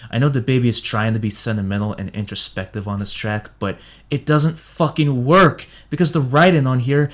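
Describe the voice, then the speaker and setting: A man ranting through a blunt, sarcastic review of songs, swearing heavily. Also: mid-range voice. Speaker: music reviewer. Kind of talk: profane ranting review monologue.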